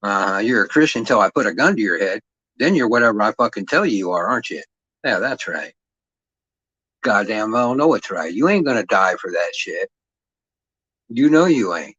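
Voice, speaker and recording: A middle-aged man rants on a livestream with a bright, forceful edge to his voice. He swears constantly and taunts his listener with rhetorical jabs. The sound is dry and close, with no room around it. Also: fairly low pitch, animated, moderate pace, breathy edge, no room sound, dull audio. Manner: aggressive, mocking, heavy swearing. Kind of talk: profane rant on a livestream.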